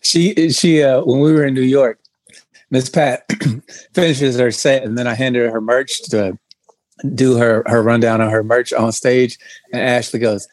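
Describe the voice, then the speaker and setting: A man's voice: mid-range voice, flat delivery, unhurried, dry recording. A man co-hosting a podcast, laughing often in casual chat. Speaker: podcast co-host.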